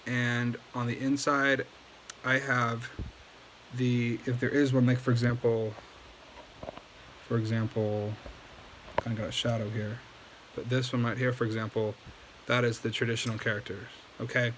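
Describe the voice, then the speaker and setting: A man's voice: medium pitch, little pitch movement, moderate pace, long pauses, a bit bright, a little hiss or hum, poor audio. A man giving a casual language lesson at home at night, patiently explaining and checking in with okay after each point. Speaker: Chinese language teacher.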